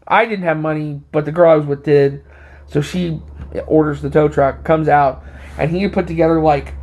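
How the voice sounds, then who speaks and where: A man with a slightly raised pitch tells a casual story in a loose, rambling way. He stumbles over restarts and leans on fillers. He sounds a little short of breath. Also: a little mellow. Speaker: vlogger.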